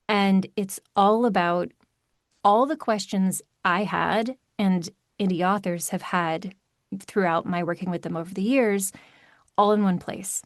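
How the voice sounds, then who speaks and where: A woman from Maryland with a plain American accent, an audiobook narrator talking through an interview in a chatty, animated way. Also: mid-range voice, dry recording, clean studio sound. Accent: General American. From Maryland, USA. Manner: chatty, animated, quick asides. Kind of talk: casual interview chat.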